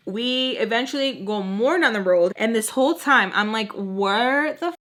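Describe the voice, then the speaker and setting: A young woman telling a storytime in a casual, slangy, animated way, acting out the quotes. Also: a little high, normal speed. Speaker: storytime vlogger.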